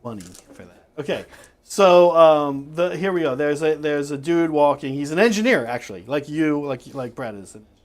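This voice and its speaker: A man co-hosting a relaxed livestream, rambling through his jokes with lots of restarts. His speaking voice sits a bit high for a man. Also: a little fast. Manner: rambling, restarts, joke-telling. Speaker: co-host. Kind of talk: casual livestream chat.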